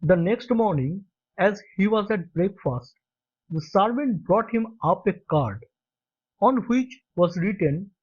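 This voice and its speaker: Male storyteller, slow and expressive, high and lively; dull lo-fi. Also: slightly rough. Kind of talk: story narration. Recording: dull lo-fi recording.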